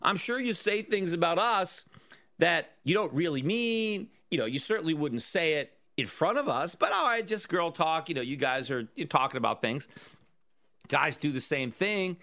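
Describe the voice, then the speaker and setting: A man's voice: a little high, expressive, moderate pace, sharp tone. A man hosting his own podcast, delivering an argumentative opinion monologue full of rhetorical questions. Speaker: podcast host.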